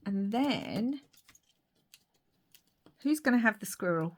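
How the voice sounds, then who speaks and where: A woman's voice: mid-range voice, lively intonation, takes it slowly. Chatty woman crafting on camera. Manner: chatty, talks to viewers, laughs often, soft whispered asides. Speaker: craft vlogger. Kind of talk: casual crafting chat.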